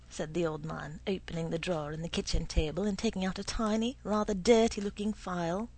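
Woman narrator, husky and gravelly, slow measured story reading. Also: fairly low pitch, steady tone, darkish tone, rough recording.

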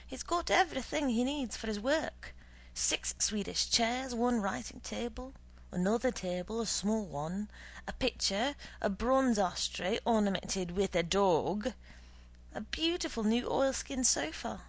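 A woman reading aloud and voicing a timid, stingy male superintendent who speaks hoarsely and dolefully. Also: fairly high pitch, animated, unhurried. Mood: sullen.

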